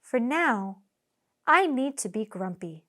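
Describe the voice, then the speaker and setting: A woman voicing a grumpy, stubborn male monkey who loudly insists he is fine, in a read-aloud storybook. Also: fairly high pitch, very animated, takes it slowly, full character voice. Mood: glum. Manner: loud, insistent denials.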